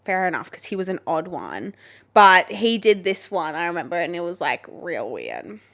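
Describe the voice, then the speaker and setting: A woman co-hosting a podcast in casual chat, animated, swearing freely and laughing often. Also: fairly low pitch, normal speed, vocal fry. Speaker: podcast co-host.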